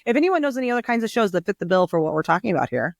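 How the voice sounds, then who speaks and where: A woman's voice: mid-range voice, very animated, racing, vocal fry, no echo, clean studio sound. A woman co-hosting a podcast in casual chat, rambling and chatty, laughing often. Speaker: podcast co-host.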